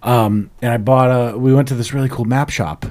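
A man co-hosting a podcast, swearing freely and teasing with deadpan exaggeration. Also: mid-range voice, moderate pace. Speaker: podcast co-host. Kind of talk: casual podcast banter.

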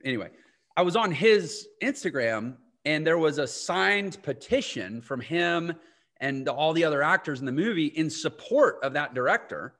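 In a casual interview on his podcast, a host rambles through anecdotes, regularly interrupting himself. His voice is fairly high, animated, and a bit bright, and he talks at normal speed.

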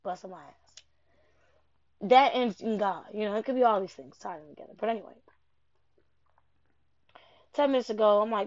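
Young woman, animated storyteller, profane and rambling, high-pitched, muffled and dry. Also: moderate pace, long pauses, dry recording. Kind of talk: casual personal anecdote. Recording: dull lo-fi dry recording.

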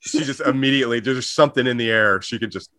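A man's voice: medium pitch, quick pace, bright, forceful tone, no room sound. A man co-hosting a comedy podcast, joking and rambling in casual chat. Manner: joking, rambling, mock-preachy. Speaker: podcast co-host.

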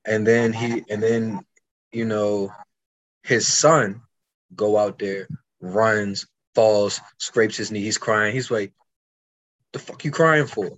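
A young man co-hosting a podcast, telling stories in casual chat with fast bursts and frequent restarts. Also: fairly low pitch, little pitch movement. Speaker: podcast co-host.

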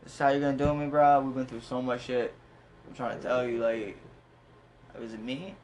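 A man's voice: mid-range voice, steady tone, normal speed, darkish tone, a little hiss or hum. Young man with mock-dramatic profane banter. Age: young adult. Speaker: podcast co-host. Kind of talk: casual chat.

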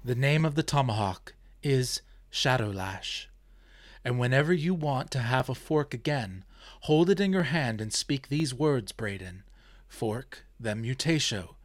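A man voicing a gracious woman who hands down a family heirloom, speaking calmly and instructively. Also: mid-range voice, unhurried, no room sound, lightly acted. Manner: calm, instructive.

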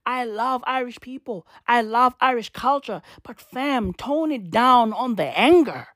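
A woman's voice: a little high, lively intonation, unhurried, a bit bright, no echo, studio quality. A young woman ranting in a profane comic monologue, slangy and repetitive, laughing at her own jokes.

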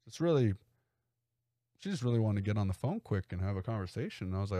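A man's voice: on the low side, lively intonation, quick pace, long pauses, warm tone, dry recording. A young man hosting a podcast, telling rambling, joking stories in a casual monologue. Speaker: podcast host.

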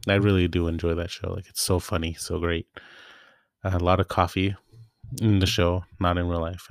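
A man's voice: low-pitched, dry recording, studio quality. A young man hosting a casual solo podcast, chatty and rambling, often stopping to restart his thoughts. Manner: rambling, self-interrupting, chatty. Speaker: podcast host.

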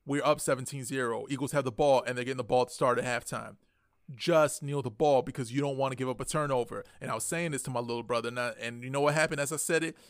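A man co-hosting a casual podcast, telling a story animatedly and swinging between muttering and excited outbursts. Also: mid-range voice, fast talker, no echo, studio quality. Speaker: podcast co-host. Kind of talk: casual chat.

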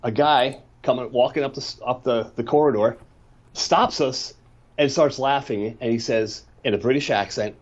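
In lo-fi sound, a middle-aged man with a mid-range voice talks at normal speed while co-hosting a podcast. Allergies have left him congested and a little worn down, and he chats casually, rambling through stories laced with wry grumbles.

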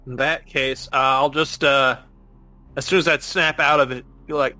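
A man playing a tabletop game, talking casually and haltingly, with free swearing. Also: mid-range voice, fairly even intonation, pushed and bright, soft background music. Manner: halting, chatty, swears freely. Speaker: player.

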